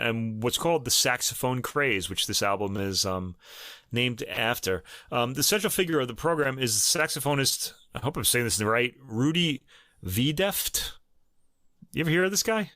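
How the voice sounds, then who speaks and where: A man co-hosting a music podcast, chatting casually and thinking aloud with many pauses and ums. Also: mid-range voice, pushed and bright, no room sound, clean studio sound. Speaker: podcast co-host. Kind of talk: casual chat about recordings.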